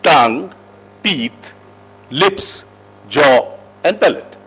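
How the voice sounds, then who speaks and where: A man leads a corporate soft skills class in a fairly high voice. He moves through sweeping rises and drops in pitch and loudness, putting questions to the group and then answering them himself. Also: drawn-out words, slightly rough, rough recording. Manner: emphatic, lively teacher with wide shifts in pitch and loudness. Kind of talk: classroom lecture. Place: training room with a group.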